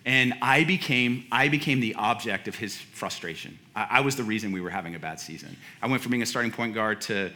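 A man's voice: fairly low pitch, fairly quick, hardly any pauses, bright, forceful tone. A man in his forties, a pastor telling a personal story in a sermon, casual and chatty, laughing at himself and restarting his sentences.

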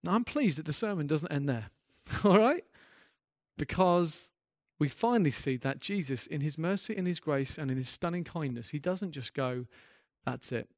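Man, pastor, preaching a sermon, earnest, impassioned, stumbling restarts, fairly high voice, dry recording. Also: lively intonation, moderate pace, darkish tone, no echo. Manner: earnest, impassioned, with frequent restarts and rising intensity.

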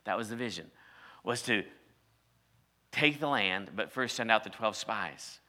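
Bright-voiced preacher man telling a story. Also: lowish voice, lively intonation, unhurried. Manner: storytelling preacher, rising to loud emphatic peaks. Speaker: pastor. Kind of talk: sermon.

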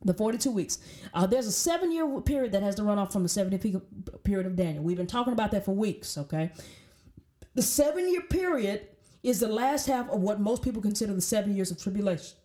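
A woman's voice: medium pitch, expressive, quick pace, warm tone. A woman teaching a Bible study, reading scripture aloud and explaining it in an emphatic way, often repeating her words.

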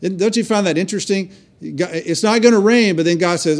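A pastor preaching in earnest, his voice sitting a little high for a man. He tells his story with frequent restarts, circling back over his words as he goes. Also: moderate pace. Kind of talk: sermon.

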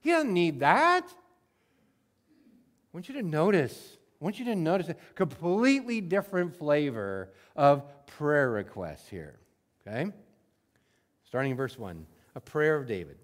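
A man preaching a sermon in a conversational way, acting out prayers in everyday words and moving between emphatic bursts and hushed moments. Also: fairly high pitch, sing-song, unhurried. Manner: conversational, swings from loud emphatic to soft and hushed. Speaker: pastor.

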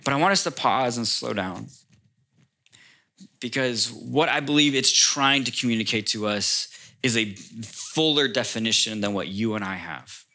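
A man, a pastor, preaching a sermon to his congregation as a lively storyteller who speaks straight to the room. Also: medium pitch, moderate pace. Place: church before a congregation.

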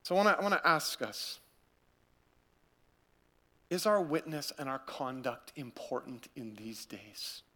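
A man preaching a sermon, earnest and repetitive, swinging between loud urging and quiet gravity. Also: medium pitch, sing-song, a little slow, pauses often. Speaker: pastor.

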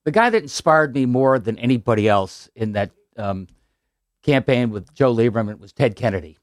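A man's voice: medium pitch, lively intonation, normal speed, no echo, studio quality. A man in his sixties, a political candidate answering radio interview questions in an upbeat, persuasive way with some restarts. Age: 60s. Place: radio studio.

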